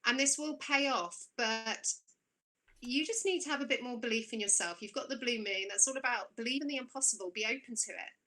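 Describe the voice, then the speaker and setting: Encouraging woman with a bright voice. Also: fairly high pitch, brisk. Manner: encouraging and emphatic, repeats key phrases. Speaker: intuitive coach, co-host. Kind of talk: live-streamed spiritual coaching.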